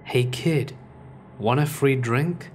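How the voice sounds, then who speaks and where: A man voicing a creepy older stranger in his fifties who talks in a slow, quiet, coaxing way. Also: medium pitch, a little hiss or hum, natural voice. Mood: sweet, coaxing.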